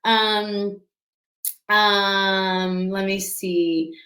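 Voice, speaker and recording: An actress answering fan questions at a casual virtual panel from home, talking in a chatty, scattered way with lots of restarts and laughs. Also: female voice, medium pitch, steady tone, extremely slow, pushed and bright. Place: room at home. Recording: echoey room.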